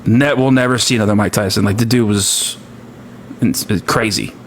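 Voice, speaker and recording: A man's voice: fairly low pitch, steady tone, normal speed, a little hiss or hum. Rambling man in casual chat. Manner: rambling, heavy on fillers. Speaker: comedic streamer.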